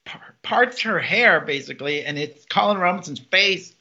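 A man with a bright, gravelly, somewhat high voice chats casually on a podcast, laughing as he recounts scenes. The recording sounds dull and lo-fi. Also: lively intonation. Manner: laughing, retells scenes with quick put-on quotes. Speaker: podcast co-host. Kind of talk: casual episode recap chat.

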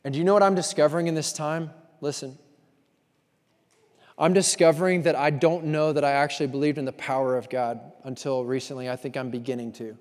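A man's voice: fairly high pitch, steady tone, fairly quick. Impassioned preacher, man, long hall reverb. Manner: impassioned, swinging between loud emphasis and hushed intimacy; repeats phrases for emphasis. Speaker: pastor. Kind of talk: sermon.

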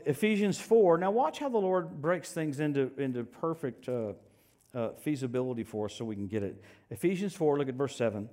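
A middle-aged man preaching a sermon, animated and joking, swinging from shouting to hushed asides. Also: medium pitch, a little fast.

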